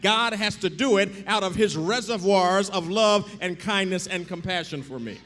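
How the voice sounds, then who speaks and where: A man preaching a sermon as pastor to his congregation, checking that they follow along and building to shouted exhortation. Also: high voice, normal speed. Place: church sanctuary. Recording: echoey church sanctuary.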